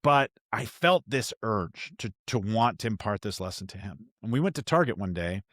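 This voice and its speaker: A man's voice: on the low side, lively intonation, normal speed, a bit bright, no room sound, clean studio sound. A man hosting a podcast, telling a story from his own parenting in a candid, self-reflective way with frequent restarts. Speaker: podcast host. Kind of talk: casual storytelling chat.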